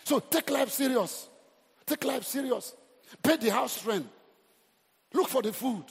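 Nigerian pastor man preaching, raspy gravelly voice, big echoey hall. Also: very high-pitched, unhurried. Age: middle-aged. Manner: animated, humorous, exhorting the crowd. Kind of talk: sermon. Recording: reverberant hall.

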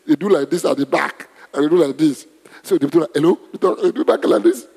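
A man's voice: on the high side, quick pace, vocal fry, a little mellow, slightly rough. A man preaching a conversational sermon in a church, often asking the congregation questions. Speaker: pastor. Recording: long hall reverb.

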